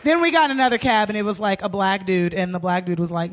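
A woman co-hosting a live comedy show, telling an animated story and acting out the quotes. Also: medium pitch, fast. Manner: animated, acts out quotes, laughs often. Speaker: comedy podcast co-host. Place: live stage before an audience.

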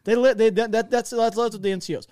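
A young man with a high voice talks quickly, rambling through a story and breaking off his own sentences. He is on a dry, close mic. He acts out the voices of the people in the story, and his pitch stays high. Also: fairly even intonation, mellow, clear, resonant tone, no echo. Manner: rambling, self-interrupting, acts out quoted voices. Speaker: podcast co-host telling a military story. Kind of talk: casual storytelling chat.

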